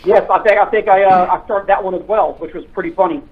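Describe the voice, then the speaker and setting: A man's voice: high-pitched, fast talker, husky. A retired police officer, a man, telling stories in a casual chat, hesitant with many fillers and restarts. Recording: tinny phone-like line.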